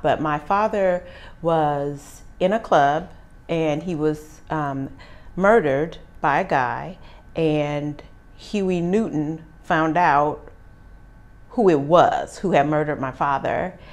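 A middle-aged woman from Oakland, an interview guest, telling stories in a lively, animated way, acting out quoted dialogue and laughing often. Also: low voice, slow. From Oakland, California. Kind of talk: casual storytelling interview.

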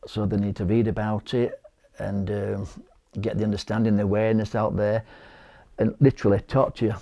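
A middle-aged man with a Yorkshire accent giving a halting personal testimony, often repeating words and acting out what people said. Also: on the low side, flat delivery, dark tone, highs cut off. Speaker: interviewee, bereaved husband.

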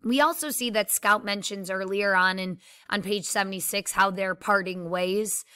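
Bright-voiced woman reading aloud. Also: medium pitch, normal speed, clean tone, no room sound, studio quality. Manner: steady reading, casual explaining afterward. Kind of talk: reading a novel aloud with commentary.

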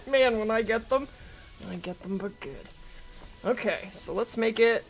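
A woman's voice: on the high side, measured pace, soft background music. A woman hosting a casual gaming livestream, chatting with viewers by name while she has the hiccups. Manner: chatty, greets viewers by name, laughs often.

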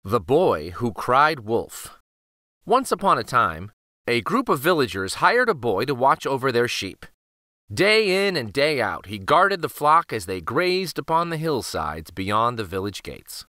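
Male children's storyteller, very lively melody, slow careful pace, bright tone, dry close sound. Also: medium pitch, dry recording. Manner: animated, expressive storytelling. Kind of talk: read-aloud for kids.

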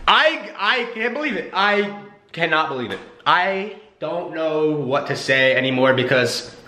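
A young man talks straight to camera in a casual vlog, exasperated and swearing constantly. His voice sits a touch higher than most men's. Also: lively intonation, unhurried, bright, forceful tone, faint music behind. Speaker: vlogger host.

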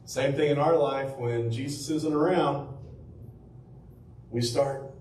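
A man's voice: mid-range voice, steady tone, takes it slowly, a little mellow, a little hiss or hum. Man preaching a chatty sermon. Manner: conversational storytelling with many fillers and rhetorical questions. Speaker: pastor. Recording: echoey room from far off with faint ambience.

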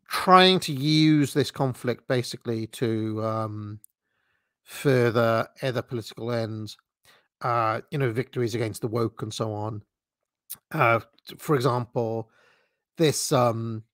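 A man's voice: medium pitch, a bit bright, dry recording. A man giving rambling, opinionated commentary on a livestream, full of fillers and restarts. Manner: dismissive, opinionated. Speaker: political commentator.

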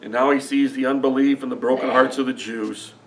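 A man's voice: medium pitch, fairly even intonation, brisk, slight background noise. Middle-aged male pastor, earnest emotional folksy sermon delivery, mid-range voice, miked from a distance. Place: church sanctuary.

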